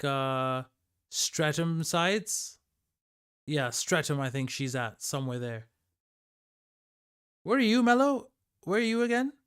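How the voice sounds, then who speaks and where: A man's voice: on the high side, fairly bright tone, smooth. A man streaming live, chatting loosely with his viewers and answering their messages aloud. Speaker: livestreamer.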